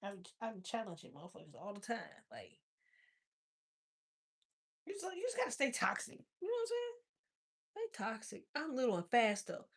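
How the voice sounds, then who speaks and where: A woman chatting casually with viewers as a tarot reader, telling stories in a blunt, profane, animated way. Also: mid-range voice, normal speed, pauses often, breathy edge. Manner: blunt, profane, animated storytelling with frequent laughs. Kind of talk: casual live-stream chat.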